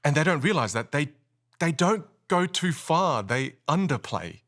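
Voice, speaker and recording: A man coaching speaking skills in a podcast studio, animated and melodic, swooping between high and low. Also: unhurried. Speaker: communication coach.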